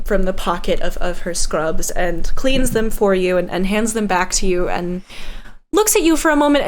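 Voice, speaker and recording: A woman narrating a tabletop game as game master in a measured, descriptive way. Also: mid-range voice.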